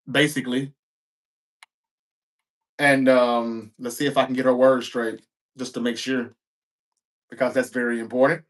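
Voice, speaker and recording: A man's voice: mid-range voice, steady tone, a little slow, long pauses, a bit bright. A man in the middle of his register talks through last night's wrestling show in a loose, chatty way. He slides in offhand asides and sarcastic remarks as he retells each scene. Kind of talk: casual recap commentary.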